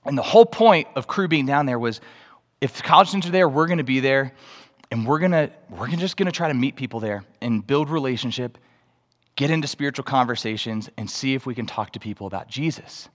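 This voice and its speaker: A young man preaching a sermon, telling a story with animated energy that jumps into excited outbursts. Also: medium pitch, fairly quick. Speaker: pastor. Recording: long reverb of a large hall.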